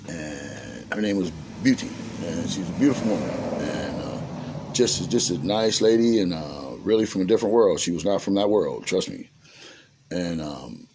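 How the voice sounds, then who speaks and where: A man's voice: low voice, lively intonation, moderate pace, darkish tone, slight background noise. A middle-aged man telling his own life story in casual street slang, acting out the dialogue as he goes.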